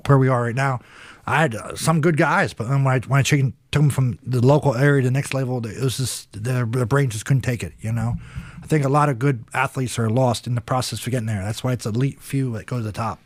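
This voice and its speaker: Profane ex-fighter telling stories, dry mic. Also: male voice, mid-range voice, steady tone, fast, dry recording. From Pennsylvania, USA. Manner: rambling, profane, acts out voices in his stories. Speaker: podcast guest, retired kickboxer. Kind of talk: casual storytelling interview.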